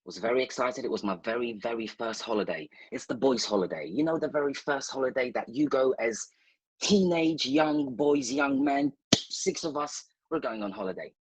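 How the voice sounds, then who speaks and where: Husky man rambling through a story. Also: medium pitch, expressive, normal speed, poor audio. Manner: rambling, playful storyteller who addresses listeners directly. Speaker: guest. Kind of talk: casual anecdote telling.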